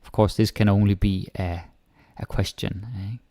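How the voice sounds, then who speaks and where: A man from Denmark with a Danish accent, teaching Danish grammar in a casual lesson and repeating example phrases slowly. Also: lowish voice, flat delivery, dark tone, no echo, studio quality. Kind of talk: casual online language lesson.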